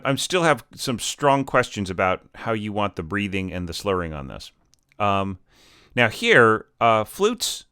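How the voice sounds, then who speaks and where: A man's voice: fairly low pitch, fairly bright tone, smooth, dry recording, clean studio sound. A man giving a casual, rambling critique of orchestral scores as a teacher, full of fillers and restarts.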